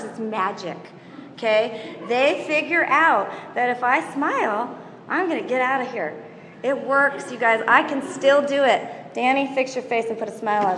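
A woman's voice: high-pitched, fairly bright tone, a little hiss or hum. A woman giving parenting advice to a live audience in a casual, chatty way, acting out scenes and quotes as she goes. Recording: echoey hall with long reverb.

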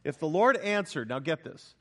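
Animated man preaching a sermon. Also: a little high, moderate pace. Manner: animated, emphatic preaching with rhetorical questions. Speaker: pastor.

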